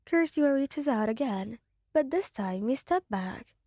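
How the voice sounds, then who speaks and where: A woman narrating a romance story in a quiet, somber ASMR style. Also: high-pitched, animated, normal speed, no echo, clean studio sound.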